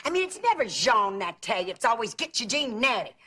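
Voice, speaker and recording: An actress playing a gossipy, nonstop-talking middle-aged aunt, in a sitcom. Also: female voice, a little high, sing-song, a little fast, pushed and bright, slightly rough, exaggerated voice. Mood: chatty. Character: gabby meddling Southern aunt, middle-aged woman. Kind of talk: sitcom acting. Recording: noisy TV broadcast audio.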